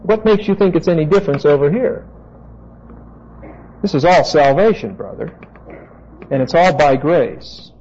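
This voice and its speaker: A man's voice: a little high, animated, measured pace, long pauses, a little mellow, breathy edge. A man teaching a sermon from the Bible, insistent and emphatic, turning to his listeners with asides. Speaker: preacher. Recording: dull lo-fi tape recording.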